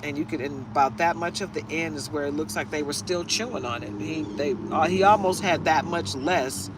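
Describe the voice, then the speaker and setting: A woman's voice: low-pitched, brisk, noisy background. Chatty woman giving a casual tarot reading. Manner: chatty, laughing, rambling asides. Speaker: tarot reader. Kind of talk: casual live reading chat.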